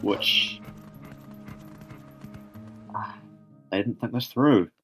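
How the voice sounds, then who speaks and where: A man with a fairly low voice casually commentates a live speedrun race. He sounds laid-back and a little tired, laughing easily. Quiet music plays in the background. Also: very slow.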